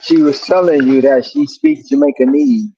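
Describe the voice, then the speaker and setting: A man's voice: medium pitch, moderate pace, warm tone, slightly rough, no echo. A man joking and teasing in a casual chat, laughing often, on dull lo-fi audio.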